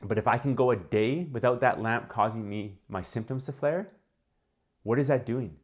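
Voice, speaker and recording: A man talking straight to the viewer about concussion recovery, earnest and emphatic, with a hoarse, failing voice. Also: mid-range voice, moderate pace. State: hoarse, losing his voice. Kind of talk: direct-to-camera advice talk.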